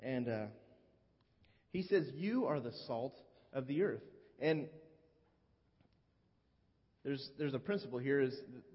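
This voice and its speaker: A man preaching a sermon in a relaxed, conversational way, often restarting his sentences. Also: medium pitch, slightly rough. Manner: conversational, with frequent restarts and fillers. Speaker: pastor. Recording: dull lo-fi recording in a reverberant hall.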